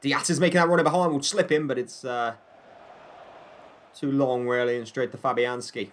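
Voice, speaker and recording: A man's voice: mid-range voice, brisk. A young man playing a football video game, commentating on the match in a mock broadcast style with joking asides and bursts of frustration. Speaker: gaming YouTuber.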